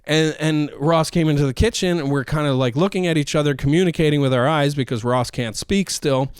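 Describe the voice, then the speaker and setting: A man's voice: on the high side, a little fast, clean tone, no echo, studio quality. A man hosting a solo comedy podcast, telling a rambling, self-mocking story with goofy asides. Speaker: podcast host.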